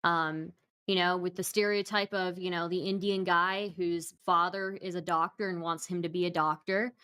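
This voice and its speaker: A woman's voice: on the low side, level tone, normal speed, sharp tone, smooth. A woman on a discussion panel, speaking hesitantly with many restarts. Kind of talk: casual panel chat.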